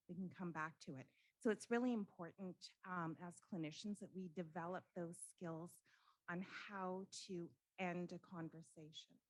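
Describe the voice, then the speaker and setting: A woman's voice: fairly low pitch, no room sound, low-quality recording. A woman clinician in a workshop discussion, reflecting on what she learned.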